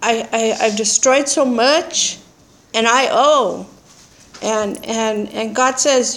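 A woman's voice: fairly high pitch, takes it slowly. A woman giving personal testimony at a recovery meeting, telling her story in a blunt, earthy way and laughing often. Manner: animated storytelling with frequent laughter. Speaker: speaker sharing at a recovery meeting.

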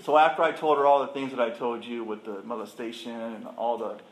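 A man's voice: medium pitch, fairly even intonation, a little fast. A middle-aged man sharing his recovery story at a support meeting, plainspoken and self-deprecating, acting out past conversations. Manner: plainspoken and self-deprecating, acts out dialogue with laughter. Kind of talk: candid personal testimony to a group. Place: meeting room with an audience. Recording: roomy room echo with faint ambience.

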